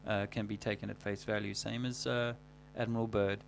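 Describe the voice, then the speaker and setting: A man hosting a livestream, talking casually in a rambling, halting way full of fillers and restarts. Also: lowish voice, flat delivery, gravelly, a little hiss or hum. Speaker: livestream host.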